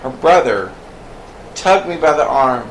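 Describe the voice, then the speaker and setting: A man's voice: on the high side, expressive, unhurried. A man with a slightly raised voice, telling a story in loose, chatty conversation. He addresses his listeners as "girl" and "y'all". His voice rings in a roomy space over faint noise. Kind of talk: casual chat.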